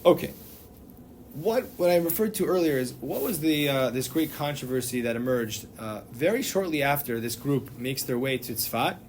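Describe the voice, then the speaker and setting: A man's voice: medium pitch, animated, moderate pace, slight background noise. A man, a rabbi, teaching a class in an informal, digressive way, with many fillers and restarts. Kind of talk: informal lecture.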